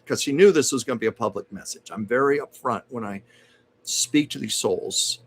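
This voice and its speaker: A man's voice: medium pitch, moderate pace, slightly rough. A man hosting a casual livestream at home, chatting and reading viewer comments aloud as a psychic medium.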